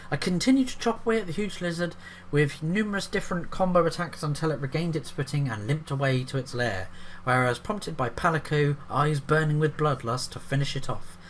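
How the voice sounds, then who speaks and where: A man's voice: on the high side, a little fast, few pauses, slight background noise. A man reading an article aloud and breaking off into sarcastic, profane commentary. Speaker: YouTube commentator.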